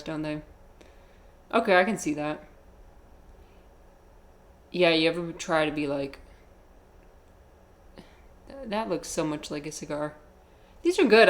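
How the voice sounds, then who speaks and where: A woman's voice: deep voice, moderate pace, long pauses. A young woman streaming a game, chatting casually with her viewers and laughing often. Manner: giggly, chatty, reacts to chat. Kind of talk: casual chat while gaming.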